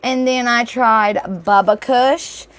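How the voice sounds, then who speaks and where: A woman's voice: on the high side, fairly even intonation, slow pace, no room sound. A young adult woman vlogging in casual chat, rambling with fillers while showing products, her voice a little off and throaty. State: voice slightly off, throat clearing.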